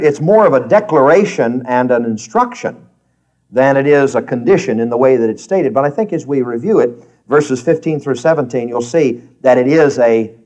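A man's voice: medium pitch, darkish tone, lo-fi sound. A man teaching a Bible class in an earnest, emphatic, folksy way.

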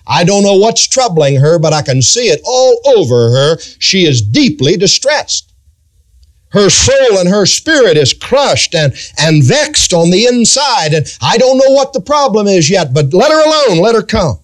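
Male preacher, higher voice, dramatic pitch swings, emphatic sermon, biblical wording. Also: very animated, unhurried. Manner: retells scripture in old-fashioned biblical wording.

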